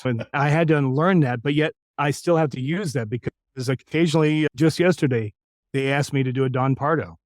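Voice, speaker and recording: A middle-aged voice actor, appearing as a guest, tells stories in a casual interview, animated and quick to slip into impressions of other people. His medium-pitched voice moves briskly, and the sound is dry with no room tone.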